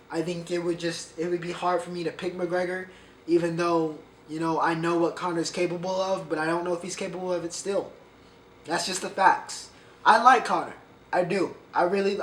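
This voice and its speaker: Male podcast host, loose and rambling, slightly high-pitched, recorded a bit away from the mic with faint hiss. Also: a bit bright, echoey room, far from the mic. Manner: chatty, rambling, stumbles over names. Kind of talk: casual sports commentary.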